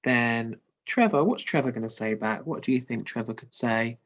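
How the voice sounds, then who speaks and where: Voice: medium pitch, normal speed. A primary school teacher giving a recorded writing lesson, explaining patiently and asking young pupils questions. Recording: dull lo-fi sound.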